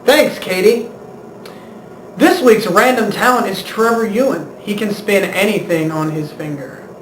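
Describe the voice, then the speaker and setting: Young man, student host, mock-newsreader delivery, echoey room, steady background noise. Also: sits high, a little slow. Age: young adult. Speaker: student video blog host. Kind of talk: scripted comedy chat. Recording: echoey room from far off, noisy.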